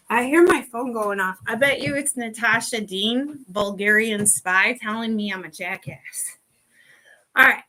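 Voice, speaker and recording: A woman's voice: fairly high pitch, bright, forceful tone. A woman hosting a podcast in a casual, rambling chat that keeps wandering off on side remarks. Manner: rambling, chatty, sidetracked. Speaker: podcast host.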